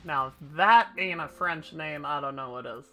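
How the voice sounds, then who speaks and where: A playful woman streamer chats to her viewers in a bright, clear voice while she plays. She swears casually and jokes along, and faint game music sits behind her. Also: sits low, moderate pace. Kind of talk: casual gameplay commentary.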